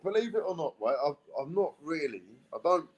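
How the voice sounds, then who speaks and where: A man, a boxer talking plainly in a casual interview, blunt and halting, with restarts. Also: fairly high pitch, very animated, rough recording. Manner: plain-spoken, few words, halting restarts.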